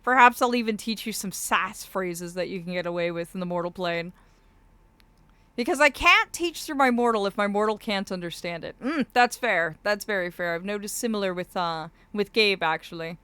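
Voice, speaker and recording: A woman with a bright, forward voice hosts a casual live stream in character as a fey being. She fondly calls viewers darlings and laughs often. A swollen cheek slightly blurs her speech, and the recording is close and dry. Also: mid-range voice, normal speed, clean tone, dry recording. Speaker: streamer playing a fey persona.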